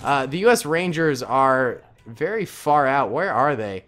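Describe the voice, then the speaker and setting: A young man from the Boston area giving relaxed, chatty, self-mocking gameplay commentary as the host of a gaming channel. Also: medium pitch, a little slow. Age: young adult.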